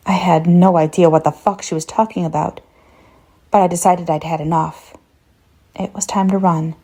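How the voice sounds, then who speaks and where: A woman narrating a first-person horror story in a tense, measured way. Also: on the low side, steady tone, mellow.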